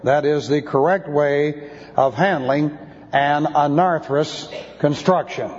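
A pastor teaching a sermon, methodically explaining Greek grammar in a precise, measured way. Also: male voice, fairly high pitch. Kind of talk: expository Bible teaching sermon. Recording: dull, lo-fi recording with long hall reverb.

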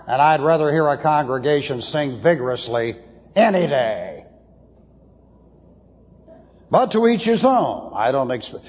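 A man preaching to a Bible class, blunt and opinionated, slowing down to press his points. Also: on the high side, darkish tone, husky. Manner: blunt, opinionated, slows for emphasis. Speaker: pastor teaching a Bible class. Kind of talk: sermon lecture. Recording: dull lo-fi tape in a reverberant hall.

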